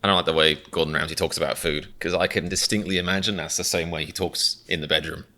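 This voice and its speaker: A man's voice: deep voice, steady tone, fast talker, sharp tone. A man giving sarcastic, self-mocking comedic commentary as he reacts to a video.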